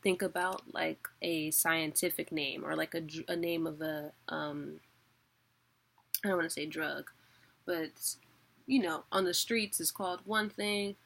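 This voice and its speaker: Slow-spoken woman teaching, gravelly voice. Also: deep voice, fairly even intonation, fairly bright tone. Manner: slow, patient explaining with chuckles and filler words. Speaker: poetry teacher. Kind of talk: casual online lesson.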